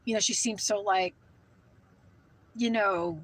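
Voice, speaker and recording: A woman's voice: mid-range voice, unhurried, long pauses, a little hiss or hum, low-quality recording. A woman speaking fervently about faith and spirits, warning listeners with many "you know" fillers. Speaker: Christian vlogger. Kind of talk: earnest religious talk.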